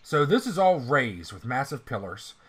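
A man running a tabletop game as game master, casual and profane, often clearing his throat. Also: medium pitch, big pitch swings, moderate pace.

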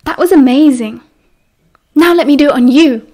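A woman's voice: high voice, normal speed, mellow, pitched above the performer's own voice, lightly acted. A woman with a British accent voicing a sleepy, grumbling teenage schoolboy wizard who drawls his complaints. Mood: grumpy.

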